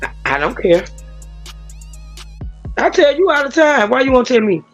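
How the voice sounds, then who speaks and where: A woman's voice: sits high, very animated, moderate pace, lo-fi sound, soft background music. A woman co-hosting a livestream, exasperated and scolding her co-host in casual banter.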